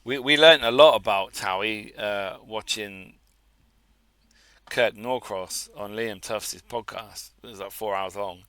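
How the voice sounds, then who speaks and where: A man's voice: on the low side, measured pace, bright, forceful tone. A man co-hosting a podcast in blunt, sweary, teasing casual banter. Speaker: podcast co-host.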